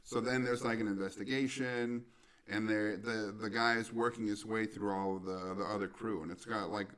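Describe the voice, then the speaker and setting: A man with a low-pitched voice talks loosely in a relaxed podcast chat. He rambles and stops mid-sentence to hunt for a name. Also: normal speed. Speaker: podcast guest. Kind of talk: casual chat.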